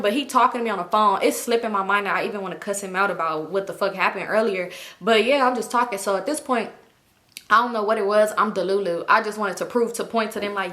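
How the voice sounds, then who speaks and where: A young woman telling a storytime tale to camera, animated and profane, laughing as she goes. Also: medium pitch, quick pace. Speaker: vlogger.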